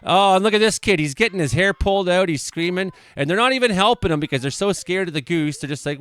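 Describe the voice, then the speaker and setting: A man commenting on animal videos in a casual, joking style. He gets excitable and swears freely. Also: sits high, fast talker, few pauses, clean tone, dry recording. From Canada.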